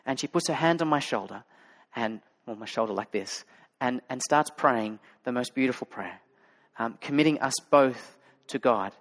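A man's voice: mid-range voice, normal speed, fairly bright tone. A man with an Australian accent preaching a sermon as a pastor, talking conversationally and telling stories with many fillers and restarts. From Sydney, Australia.

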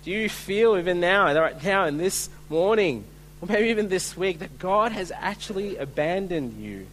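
A male pastor preaching a sermon at a church service, earnest and emphatic, slowing to stress key words. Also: sits high, lively intonation, a bit bright, a little hiss or hum.

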